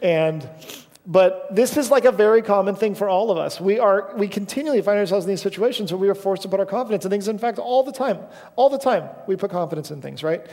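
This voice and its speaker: A man's voice: sits high, expressive, fast, a little mellow, big-room sound. A young man preaching a sermon in a church, telling a story casually and self-deprecatingly with lots of fillers. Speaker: pastor. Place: church sanctuary.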